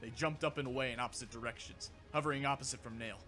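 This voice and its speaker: A man narrating a fan audiobook in a steady, even storytelling manner. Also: mid-range voice, fast, hardly any pauses, faint music behind.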